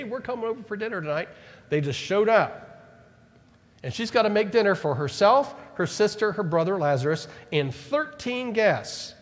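A male pastor preaching a sermon to his church, animated, acting out the words of the people in his story. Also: high-pitched. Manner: animated preaching, acts out Bible figures' words. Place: church sanctuary. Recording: church hall reverb.

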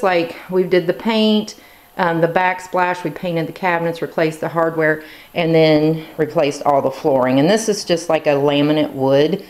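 A woman in her thirties giving a casual tour of her home kitchen, chatty with lots of ums and likes, a little out of breath, filming as she walks around. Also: lowish voice. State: slightly out of breath. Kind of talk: casual walkthrough narration.

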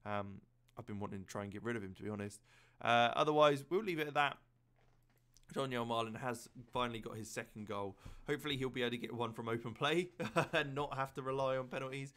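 Excitable man calling a game match. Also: medium pitch, quick pace. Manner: excitable, chatty, laughs at misses. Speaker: gaming commentator. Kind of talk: casual play-by-play commentary.

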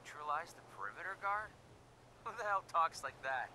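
A cynical mercenary fires off sarcastic, offhand remarks at a brisk clip. The game audio carries a clear layer of background noise. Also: male voice, on the high side, very animated, sharp tone, heavily acted, poor audio. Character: wisecracking cynical male mercenary. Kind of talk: video game character dialogue.

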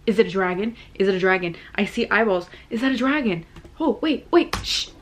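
A young woman hosting a reaction video, excitable and swearing, with quick exclamations. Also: mid-range voice, slight background noise. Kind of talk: casual reaction commentary. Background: music playing.

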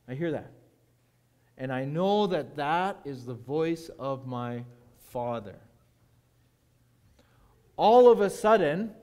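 A man preaching as a guest speaker, telling a personal story with dramatic pauses and hushed moments. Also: high voice.

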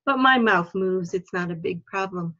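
A woman leading a religious education workshop, explaining ideas slowly and thoughtfully, step by step. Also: medium pitch, a bit bright, dull audio, a little hiss or hum. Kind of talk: workshop talk for teachers.

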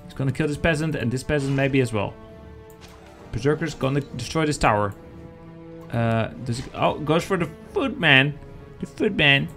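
A man casting a strategy game match live, chatty and excitable, talking to viewers as guys. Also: medium pitch, moderate pace, faint music behind. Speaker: esports caster.

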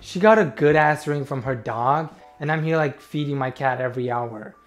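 A man's voice: medium pitch, moderate pace, faint music behind. A young man reacting to a TV clip in casual, sarcastic commentary, talking straight to his viewers.

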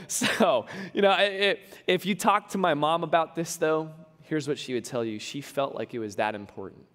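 A man's voice: a little high, moderate pace, a bit bright, in a large hall. A man preaching a sermon as pastor, talking conversationally and adding humorous asides. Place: large church hall.

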